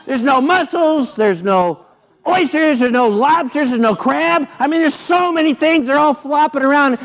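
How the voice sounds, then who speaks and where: Animated high-voiced male preacher. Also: unhurried. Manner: animated, playful storytelling with sudden loud and quiet turns. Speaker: pastor. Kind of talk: sermon.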